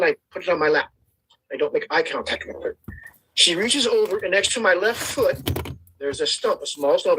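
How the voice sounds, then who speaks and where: An older storyteller on a podcast, calmly walking through a personal encounter step by step and quoting their own thoughts along the way. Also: mid-range voice, slightly rough, poor audio. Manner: calm, step-by-step telling with quoted inner thoughts.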